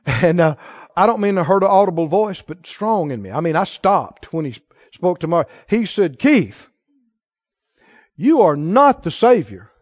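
A male preacher with a high voice tells folksy stories from the pulpit and drives his points home with emphasis. He drops into a lower, sterner tone when quoting the Lord. The sound is dry and a bit dull. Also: lively intonation, normal speed, dry recording. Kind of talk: sermon with storytelling.

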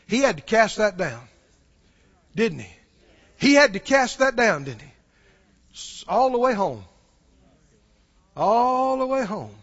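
A man preaching a sermon, moving from hushed storytelling to shouted exhortation and chuckling as he goes. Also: extremely high pitch, highs cut off.

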